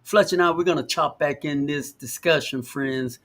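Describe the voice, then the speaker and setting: Man, fairly high voice, emphatic live talk show host. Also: moderate pace, fairly bright tone. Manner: emphatic, preacherly stress on words.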